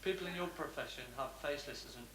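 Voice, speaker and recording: A man's voice: on the high side, fast talker, bright, forceful tone. A man in the audience giving brief, hesitant answers and questions. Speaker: audience member. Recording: distant mic in noisy echoey hall.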